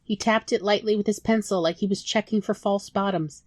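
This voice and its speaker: A woman narrating her own story in a soft, emotional audiobook style. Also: mid-range voice, fairly even intonation, a little fast, no room sound. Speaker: author reading own story.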